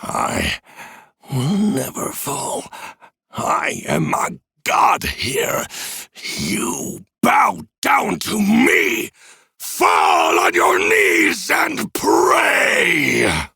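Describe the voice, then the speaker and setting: A man voicing a half-mad undead king who rants in a raspy, hysterical voice. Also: extremely high pitch, huge pitch swings, slow, sharp tone, no room sound, clean studio sound, pitched above the performer's own voice, heavily acted. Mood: menacing. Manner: shrieking boasts, hysterical. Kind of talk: audiobook character voice.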